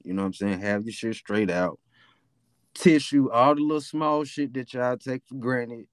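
A man's voice: mid-range voice, normal speed, smooth, dry recording, clean studio sound. A young man with a Memphis accent, casually telling a profane, rambling story as a podcast host. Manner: laid-back, profane, rambling with fillers.

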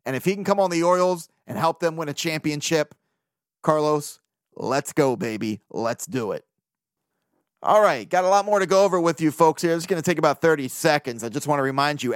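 Excitable, profane male podcast host. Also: a little high, brisk, over music. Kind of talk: casual solo monologue.

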